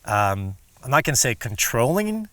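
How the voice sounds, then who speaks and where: A man's voice: medium pitch, sing-song, normal speed, a bit bright, dry recording. A man hosting a casual interview, thoughtful and hesitant as he works through his points. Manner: thoughtful, hesitant, many fillers and restarts. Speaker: podcast host.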